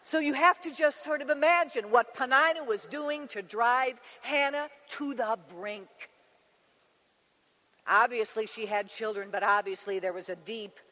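A woman teaching a women's Bible study, speaking in a conversational, animated way and acting out scripture scenes. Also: fairly high pitch. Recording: long reverb of a large hall.

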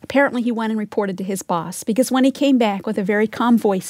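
A woman teaches from the Bible in an earnest, measured voice that sits a little high. She leans into key phrases and sometimes sinks to a soft whisper. The recording is close and dry, with no room sound. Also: dry recording.

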